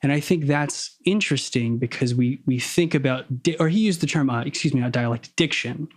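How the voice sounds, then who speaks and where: A man talking as a podcast guest, over-enunciating his words on purpose and stopping to correct himself as he probes ideas. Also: mid-range voice. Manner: deliberately crisp, over-enunciated diction; analytical, probing, self-correcting. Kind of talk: casual conversation.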